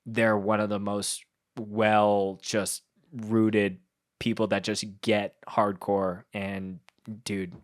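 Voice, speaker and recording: A man's voice: lowish voice, level tone, slow pace, no echo, studio quality. A man hosting a podcast in casual chat, talking in long, effusive, rambling sentences full of "like". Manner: effusive, rambling, heavy use of "like". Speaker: podcast host.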